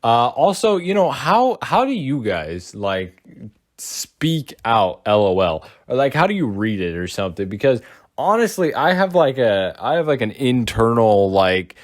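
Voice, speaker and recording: A man's voice: medium pitch, sing-song, measured pace. A young man giving casual reaction commentary, rambling with lots of fillers and calling his viewers bro and dude. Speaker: commentary youtuber.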